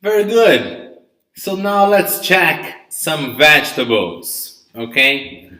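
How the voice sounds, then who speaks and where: A man's voice: a little high, very animated, slow, bright, forceful tone. A man teaching English vocabulary in a live online lesson, drilling pronunciation and checking in with "okay?" and "right?". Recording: roomy echo.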